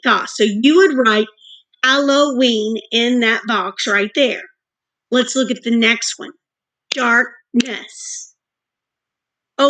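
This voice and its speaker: A woman music teacher in a recorded distance-learning lesson, sounding words out slowly and clearly for young students. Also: a little high, pushed and bright.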